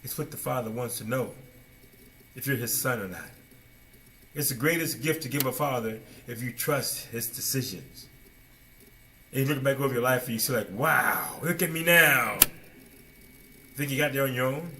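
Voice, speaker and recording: Bright-voiced man preaching with dramatic swings. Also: normal speed, pauses often, slight background noise. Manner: dramatic, swings between loud bursts and low asides, repeated rhetorical questions. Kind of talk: sermon.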